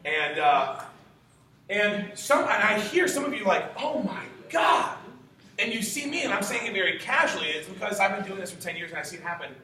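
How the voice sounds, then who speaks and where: A young man, a sales trainer, giving an enthusiastic, high-energy motivational talk to a room of sales reps. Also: animated, brisk, bright, forceful tone. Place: meeting room. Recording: echoey room from far off, faint noise.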